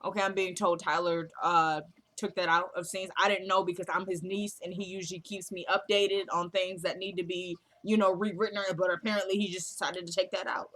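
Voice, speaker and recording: Bright-voiced chatty woman recapping a show. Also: lowish voice, flat delivery, fairly quick. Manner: chatty, jokey, acts out lines from the show. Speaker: TV episode recapper. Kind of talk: casual recap vlog.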